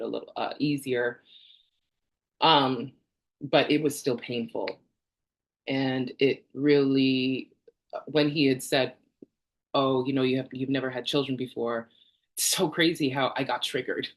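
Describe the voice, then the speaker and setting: A woman in her forties from Canada, talking candidly in a personal vlog, chatty and rambling, laughing often. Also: a bass voice. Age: 40s. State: tearful at times. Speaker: vlogger.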